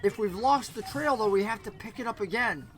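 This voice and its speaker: A man's voice: sits high, a little fast, fairly bright tone. A man voicing an earnest young woman who believes in magic.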